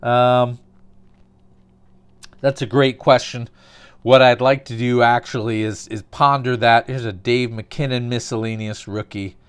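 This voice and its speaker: A man's voice: medium pitch, steady tone, unhurried, clean tone. A man casually narrating a card opening, calling out cards and telling dry, absurd little stories between pulls.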